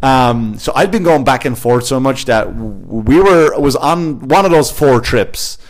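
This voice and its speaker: Man, podcast host, animated storyteller, swears a lot, does voices. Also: mid-range voice, unhurried. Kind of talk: casual podcast chat.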